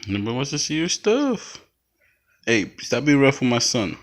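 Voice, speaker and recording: A man's voice: mid-range voice, sing-song, normal speed. A man at home filming his kittens on a phone, chatting playfully and cheering them on. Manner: playful, talks to and cheers on the pets. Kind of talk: casual home video chat.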